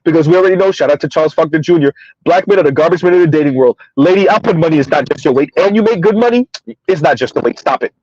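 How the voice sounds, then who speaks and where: A man's voice: fairly high pitch, racing, a little mellow, dry recording, highs cut off. A man hosting a casual livestream commentary, emphatic and rambling, chuckling between points. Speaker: commentary channel host.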